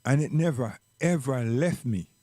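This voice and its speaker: A man telling a personal story slowly and reflectively, repeating words for emphasis. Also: mid-range voice, warm tone, no room sound.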